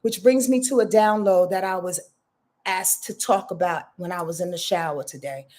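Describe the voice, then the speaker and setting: A woman in her fifties, an astrologer hosting a live reading, talking in a rambling, heartfelt, expressive way. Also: lowish voice, moderate pace. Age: 50s. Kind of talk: casual live talk.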